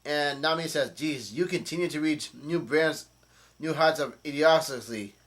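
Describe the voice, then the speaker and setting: A man casually recapping a comic chapter, reading quoted lines aloud in a halting, hesitant way. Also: on the high side, fairly bright tone. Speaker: manga chapter reviewer.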